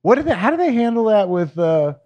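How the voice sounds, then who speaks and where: A man's voice: high voice, sing-song, a little fast, darkish tone. A man co-hosting a live podcast, talking in a goofy, profane way and riffing with his co-host. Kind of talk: casual chat. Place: bar set of a live show.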